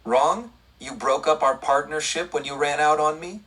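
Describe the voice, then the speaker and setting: A man voicing a cold, menacing male outlaw gunman in an audiobook western, speaking slowly and deliberately. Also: on the high side, fairly bright tone, recorded from a distance. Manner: slow, deliberate, icy.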